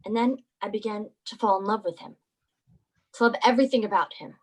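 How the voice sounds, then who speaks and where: An actress playing a tormented sister who makes an urgent, emotional confession of a secret love. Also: female voice, mid-range voice, fairly quick, husky, natural voice. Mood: confessing. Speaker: student actor. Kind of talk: stage drama monologue.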